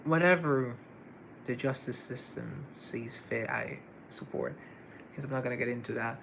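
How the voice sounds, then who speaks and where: A man's voice: mid-range voice, moderate pace, gravelly, a bit bright, slight background noise, poor audio. A man hosting a live stream in a casual, chatty way, greeting viewers by name and answering their comments.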